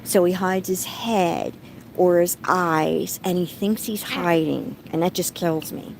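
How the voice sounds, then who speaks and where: A woman's voice: lowish voice, slow pace, creaky, noisy background. A middle-aged woman telling stories in a casual vlog, chatty and breaking off to talk to her pet bird. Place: rural home, outdoors.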